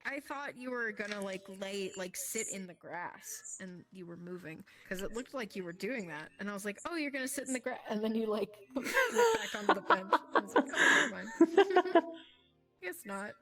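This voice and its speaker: A woman's voice: medium pitch, normal speed, music in the background. Giggly young woman, rambling chat. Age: young adult. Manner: giggly, rambling with many fillers. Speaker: guest streamer. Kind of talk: casual chat while streaming in VR.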